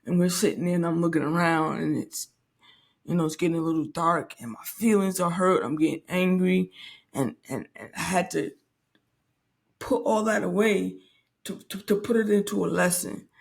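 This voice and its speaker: A woman's voice: on the low side, steady tone, normal speed, creaky, husky. A woman in her late forties, hosting a podcast and telling a personal story in a candid, reflective way that halts and restarts often. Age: late 40s. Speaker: podcast host.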